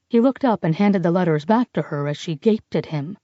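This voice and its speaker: A woman narrating a novel in a measured, even way. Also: on the low side, no echo, muffled recording. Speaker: audiobook narrator. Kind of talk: scripted narration.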